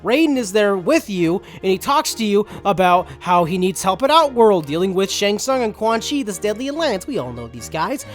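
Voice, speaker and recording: A man's voice: high-pitched, very animated, moderate pace, few pauses, faint music behind. A man giving a casual, sarcastic, profanity-laced recap of a game story as a reviewer.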